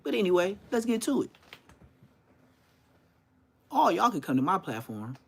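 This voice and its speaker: A podcast host rants loudly and profanely, rambling from one point to the next. His voice sits a bit high and his pitch swings widely, animated throughout. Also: normal speed, vocal fry, slightly rough. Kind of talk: casual ranting podcast monologue.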